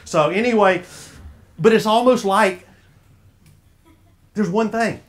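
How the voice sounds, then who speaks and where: A man with a Southern drawl speaks a little above the usual male pitch. He gives a folksy, sermon-like motivational talk and keeps throwing questions at the crowd. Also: slow pace, long pauses. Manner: folksy, preacher-like, quizzing the audience. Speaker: speaker at an officials' association.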